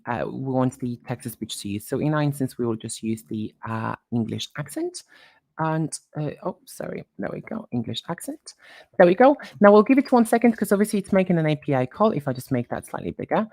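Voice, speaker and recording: A woman presenting a live software tutorial, talking while she clicks through screens and quickly corrects her own slips. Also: very deep voice, animated, no echo, studio quality.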